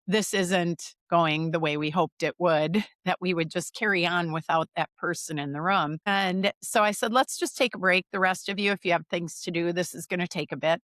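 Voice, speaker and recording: A woman's voice: on the low side, normal speed, few pauses, no room sound, studio quality. A middle-aged woman from the US Midwest, a leadership coach telling stories in conversation and acting out the quoted lines. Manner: animated, acts out quoted dialogue. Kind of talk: conversational storytelling.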